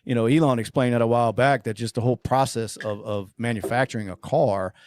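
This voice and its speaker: A man's voice: mid-range voice, fairly even intonation, brisk, dry recording. Rambling, profane man in casual talk. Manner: rambling, profane, trails off quietly at phrase ends. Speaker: podcast co-host. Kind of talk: casual chat.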